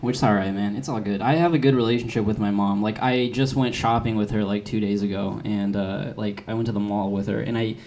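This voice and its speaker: A man's voice: fairly low pitch, fairly even intonation, a little fast, few pauses, a little mellow. A man in his twenties doing a rambling, self-deprecating stand-up set, full of "like" and restarts. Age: 20s. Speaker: stand-up comedian. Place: comedy club stage. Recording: noisy live comedy club. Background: audience laughter.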